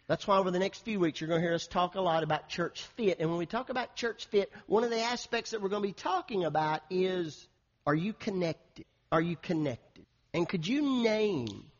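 A man preaching a sermon, calling out "Amen?" and swinging from loud urging to soft storytelling. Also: on the high side, husky, highs cut off. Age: 50s. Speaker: pastor.

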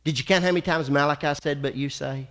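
A man's voice: fairly high pitch, fairly even intonation, a bit bright, in a large hall. A male pastor preaching a sermon, drawing words out for emphasis and calling for amens from the congregation. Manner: dramatic preacher, slows and drawls for emphasis, calls for amens. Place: church sanctuary.

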